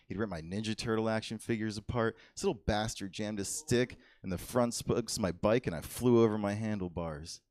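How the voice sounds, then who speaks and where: A man in his thirties doing a stand-up set on a comedy theater stage, deadpan and profane, chuckling at his own jokes. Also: lowish voice, no room sound, studio quality.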